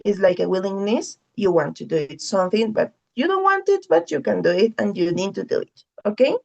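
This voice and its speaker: A woman's voice: medium pitch, animated, fairly quick, vocal fry, a little mellow, dull audio. A woman whose first language is Spanish teaching an English class, patiently repeating key phrases and often checking in with "okay?". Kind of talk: online class instruction.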